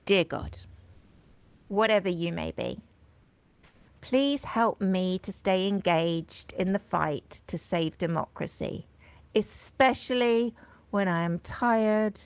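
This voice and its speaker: Slow-talking woman with a dry close sound. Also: mid-range voice, smooth, no echo. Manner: swears bluntly and cheerfully, reads verse slowly with swelling emphasis. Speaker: host of a live video café show. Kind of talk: live-stream chat with poetry reading and prayer.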